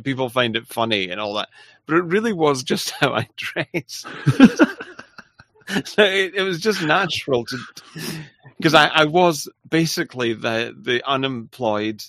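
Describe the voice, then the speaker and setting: A man hosting a casual livestream, reading viewer messages aloud in a halting, apologetic way. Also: medium pitch, creaky, pushed and bright, no echo. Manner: halting and apologetic, with frequent restarts and laughs. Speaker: livestream host.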